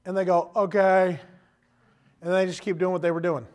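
High-voiced man preaching animatedly. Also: very fast. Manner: animated, conversational preaching with acted-out quotes. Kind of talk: sermon.

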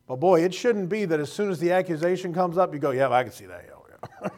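Man, preaching a sermon, folksy and joking, somewhat high pitch. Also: lively intonation, fast talker, darkish tone. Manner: folksy, joking asides with quoted voices. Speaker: pastor.

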